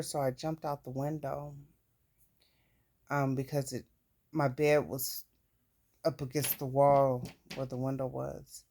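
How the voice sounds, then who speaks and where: A woman recounting her own life story in a candid, plain-spoken way, with casual swearing. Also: rumbling low. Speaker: vlogger. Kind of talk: personal storytelling.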